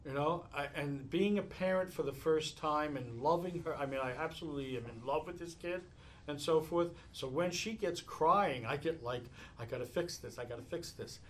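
Male meditation teacher, bright, slightly high voice, animated storyteller who laughs a lot. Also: normal speed. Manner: animated storytelling, chuckles often. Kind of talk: live dharma talk answering questions.

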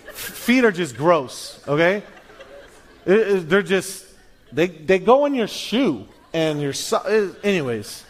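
A male pastor preaching a sermon in a conversational way, swinging between loud emphasis and hushed lows. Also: expressive, moderate pace. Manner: conversational with restarts.

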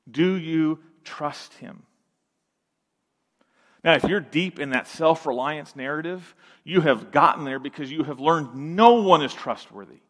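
Slow, emphatic pastor in a reverberant hall. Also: male voice, fairly high pitch. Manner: emphatic, dramatic pauses, drops to a hush then swells. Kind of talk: sermon. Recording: long reverb of a large hall.

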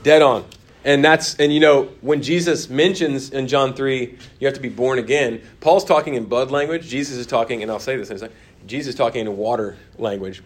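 A man teaching a church Bible course, talking with his class and often dropping to a quiet, emphatic tone. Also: mid-range voice. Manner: conversational, answers class comments, drops to quiet emphasis.

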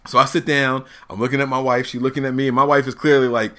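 A man in his thirties telling a family story on a casual talk show, animated and laughing often as he acts out the people in it. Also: medium pitch, fast. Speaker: podcast host telling a story.

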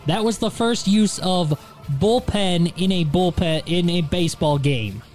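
High-pitched guy hosting a chill sports podcast, reads stuff out matter-of-fact, faint music under him. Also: a little slow, darkish tone. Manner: laughs easily, reads facts aloud in a matter-of-fact way. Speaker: podcast host. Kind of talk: casual sports podcast chat.

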